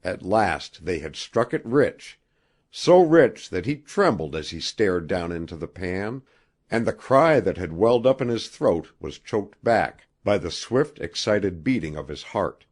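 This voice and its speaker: A man with a deep, low voice reads an adventure audiobook in scripted narration. His pitch moves a lot, rising and falling with the story, and he tells it expressively. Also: sing-song, measured pace.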